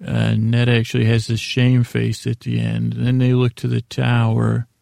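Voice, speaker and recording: A man with a heavily gravelly voice talks through a TV episode, loosely paraphrasing each scene with plenty of "uh"s. His delivery is flat and dark-toned. The sound is dry and close, like a podcast mic. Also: mid-range voice, moderate pace, no echo. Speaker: podcast host recapping an episode. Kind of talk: casual episode recap.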